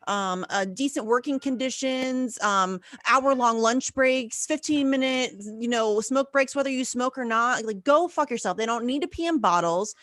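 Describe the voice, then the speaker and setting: A woman's voice: a little high, moderate pace, few pauses, fairly bright tone, no room sound, studio quality. A woman co-hosting a podcast in casual chat, ranting in a fiery, profane way. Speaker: podcast co-host.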